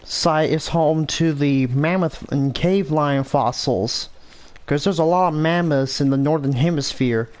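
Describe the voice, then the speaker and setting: Slow-talking American man, rambling gameplay chat. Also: a little high, a little mellow. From United States. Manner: rambling and self-correcting, thinking aloud. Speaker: gameplay commentator. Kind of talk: casual gameplay commentary.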